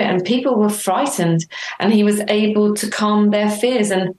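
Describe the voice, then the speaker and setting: A middle-aged woman being interviewed, telling her story earnestly and warmly, acting out remembered dialogue. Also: medium pitch, unhurried. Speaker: interview guest. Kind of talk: reflective conversational interview. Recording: roomy echo.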